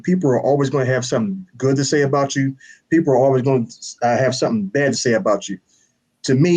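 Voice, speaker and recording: A man giving his opinion as a guest on a talk show, speaking in a measured way with many fillers. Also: mid-range voice, darkish tone, rough recording. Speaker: guest co-host.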